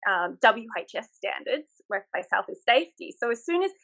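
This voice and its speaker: An Australian woman in her thirties who used to be a military instructor chats casually over a remote call, as if in an interview. Her voice sits on the high side and moves briskly, and she tells stories frankly and animatedly, laughing often. The sound quality is lo-fi.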